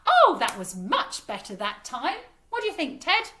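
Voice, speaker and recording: Bright-voiced encouraging English teacher woman. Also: a little high, sing-song, moderate pace. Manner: cheerful, encouraging, singsong. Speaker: music teacher. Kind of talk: leading a children's singing lesson.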